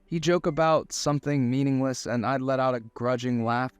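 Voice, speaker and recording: Man, mid-pitched, steady first-person audiobook narration, dry close sound with faint music under. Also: normal speed, clean tone, no room sound.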